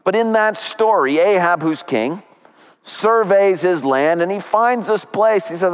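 Male pastor mid-sermon, dramatic storyteller, slightly high voice, echoing sanctuary reverb. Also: lively intonation, unhurried, clean tone. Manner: dramatic storytelling with big pitch swings.

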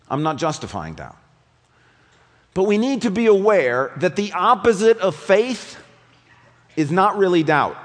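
A pastor preaching a sermon, rising to emphatic peaks and dropping to quiet, low passages. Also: male voice. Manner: dynamic preaching, swinging between loud emphatic peaks and low quiet drops. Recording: long reverb of a large hall.

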